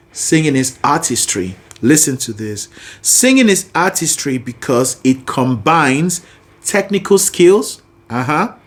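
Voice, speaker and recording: Animated singing teacher with a lively voice. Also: medium pitch. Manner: animated, encouraging, sings example phrases. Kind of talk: vocal lesson with sung demonstrations.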